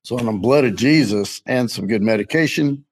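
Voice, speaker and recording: Middle-aged male co-host, casual faith podcast, loose and jokey, medium pitch. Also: moderate pace, slightly rough, low-quality recording. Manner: rambling, jokey, laughs often.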